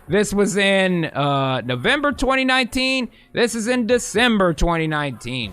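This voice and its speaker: Bright, high-voiced sarcastic man. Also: very animated, normal speed, hardly any pauses, smooth. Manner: profane, sarcastic, joking. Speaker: podcast host. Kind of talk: casual political commentary.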